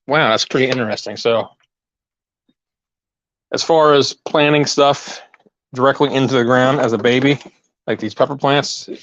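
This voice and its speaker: A man talks loosely to his viewers while working outside, often stopping to restart his sentences. His voice sits at a middling pitch and comes through a lapel mic. The sound is dry and a little dull, with a lo-fi edge. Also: dry recording. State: out of breath. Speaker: channel host. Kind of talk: casual live chat while gardening.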